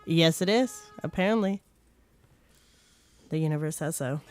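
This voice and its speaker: A woman's voice: sits low, a little slow, darkish tone, soft background music. A woman co-hosting a podcast, chatting casually and laughing easily through jokey banter. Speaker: podcast co-host. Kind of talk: casual chat.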